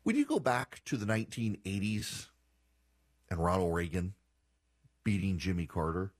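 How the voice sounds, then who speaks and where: A man's voice: low voice, very animated, normal speed. A man hosting a political talk radio show, giving incredulous, sarcastic commentary and reading passages aloud.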